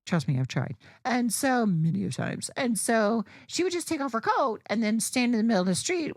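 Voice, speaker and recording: A woman's voice: fairly high pitch, sing-song, moderate pace, dry recording, studio quality. A woman co-hosting a podcast, telling a story in casual chat, blunt and profane. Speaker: podcast co-host.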